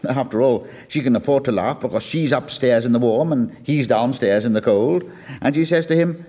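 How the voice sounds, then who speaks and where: A man's voice: medium pitch, moderate pace, warm tone. A man lecturing on a song, telling its story in a storytelling manner and acting out the quoted lines. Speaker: music lecturer. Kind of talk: explaining a song with acted quotes.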